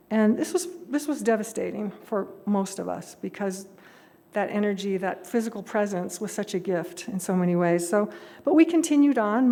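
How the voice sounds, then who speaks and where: A woman's voice: fairly high pitch, mellow. An older woman giving a storytelling talk at a worship service, chatty with easy humor and frequent laughs. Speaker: lay speaker at a worship service. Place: worship hall. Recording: echoey hall reverb.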